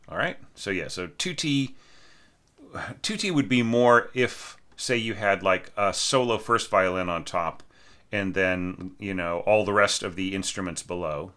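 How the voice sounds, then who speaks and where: Teacher, male, low voice with a bright edge; chatty score review, many restarts. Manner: conversational, frequent "right?" and restarts; sings bowings and rhythms aloud. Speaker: orchestration teacher. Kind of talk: informal score critique.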